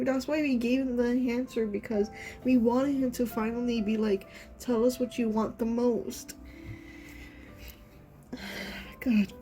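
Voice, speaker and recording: A woman's voice: on the high side, dark tone. A woman streamer reacting to a game, reading its lines aloud and gushing, often exclaiming and trailing off mid-sentence.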